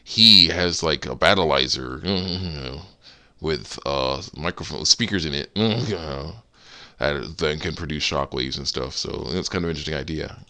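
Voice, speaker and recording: A man with a very deep, gravelly voice talks through his modding work in rambling, giggly commentary. His voice is bright and edgy despite the low pitch, and his intonation swings up and down a lot. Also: normal speed. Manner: rambling, giggly, self-interrupting. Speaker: game modder. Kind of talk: casual commentary while editing a game.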